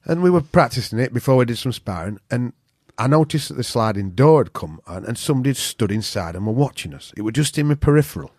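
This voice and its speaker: With clean studio sound and no room echo, this Yorkshire-accented northern English man tells a long, casual story as a podcast guest. He talks quickly with few pauses in a mid-range voice, cursing freely and performing the quotes with gusto.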